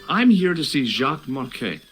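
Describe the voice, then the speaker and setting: A man's voice: medium pitch, big pitch swings, moderate pace, music in the background, lightly acted, rough recording. An actor voicing a joking young American man, the hero of a video game, with an American accent. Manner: dry and joking.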